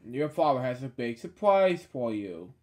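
A man's voice: mid-range voice, big pitch swings, a little slow. Scar, a man reading the scheming lion uncle. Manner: read plainly in the reader's own voice.

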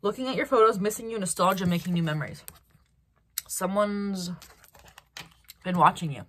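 A woman giving a solo tarot card reading, talking in an animated way with restarts and acted-out reactions. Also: mid-range voice, moderate pace. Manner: animated, acts out quoted reactions, hesitant restarts. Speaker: tarot reader.

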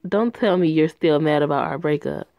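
A woman's voice: low-pitched, moderate pace, no room sound, highs cut off, voice pushed down. A woman voicing a hardened young man who speaks bluntly and coldly, without remorse. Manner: blunt, cold.

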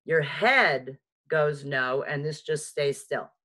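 A woman with a strong New York accent leads a beginner class over a video call. Her voice is bright and forceful, and she talks in a frank, chatty way, tossing in jokes at her own expense. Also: deep voice. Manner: lively, chatty and frank, with quick asides and self-mocking jokes. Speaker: sign language teacher. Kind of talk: live online lesson. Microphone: video call microphone.

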